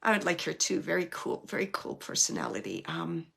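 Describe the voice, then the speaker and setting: A woman's voice: lowish voice, big pitch swings, a little fast, gravelly, a bit bright, slightly rough. A middle-aged woman giving a live mediumship reading, chatting casually and relaying messages. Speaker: psychic medium.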